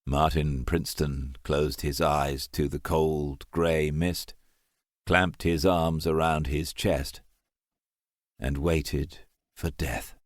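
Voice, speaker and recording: A man's voice: a bass voice, steady tone, slow, dry recording, studio quality. A man narrating an audiobook thriller in an emotive, dramatic way.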